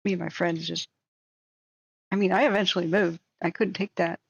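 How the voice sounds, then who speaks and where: A woman hosting a livestream, telling a rambling story in a casual, animated way, acting out what people said. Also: lowish voice, normal speed, vocal fry, breathy edge, dry recording, highs cut off. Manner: animated, rambling, acts out quotes with shrieks and laughs. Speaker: livestream host.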